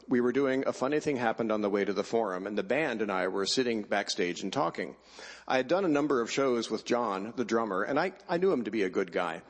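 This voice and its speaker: A middle-aged man giving a wry, emphatic personal speech at a choir event before introducing the choir. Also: mid-range voice. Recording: long hall reverb.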